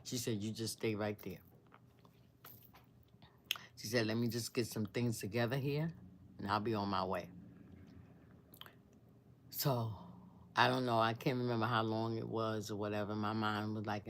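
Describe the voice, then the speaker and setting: A woman in her sixties telling a personal story on her channel, earnest and devout, rambling as she searches for words and sometimes dropping to a hushed near-whisper. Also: a bass voice, flat delivery, moderate pace, long pauses, slight background noise. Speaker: storyteller vlogger.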